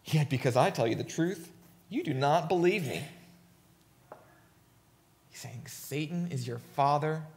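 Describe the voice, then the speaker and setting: A man's voice: on the high side, lively intonation, measured pace, pauses often, a little mellow. A man preaching a sermon, reading scripture aloud and commenting emphatically, often checking in with "right?".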